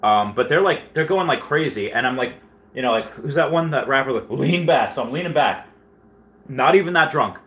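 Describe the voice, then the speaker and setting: A man's voice: medium pitch, animated, brisk, fairly bright tone. A young man casually chatting on a livestream, reading viewer comments and telling rambling, self-deprecating stories full of fillers. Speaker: livestream host.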